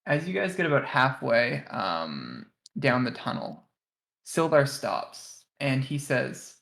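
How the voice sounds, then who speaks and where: A game master narrating a tabletop game on a live stream, hesitant and filling pauses as the scene unfolds. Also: medium pitch, big pitch swings, vocal fry, fairly bright tone. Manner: hesitant, full of fillers and restarts.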